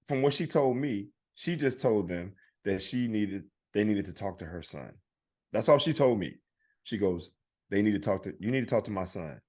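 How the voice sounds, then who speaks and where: A man's voice: fairly low pitch, darkish tone. A man casually telling stories on a podcast, laughing and acting out phone calls. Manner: laughing, storytelling, acts out calls. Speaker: podcast co-host. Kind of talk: casual chat.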